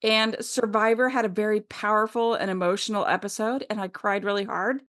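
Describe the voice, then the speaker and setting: A middle-aged woman talking casually on a podcast. Her voice sits in a middle pitch, and she rambles through stories with fillers and easy laughter. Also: steady tone, brisk, a bit bright. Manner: chatty, rambling, laughs often, many fillers. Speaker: podcast co-host. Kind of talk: casual chat.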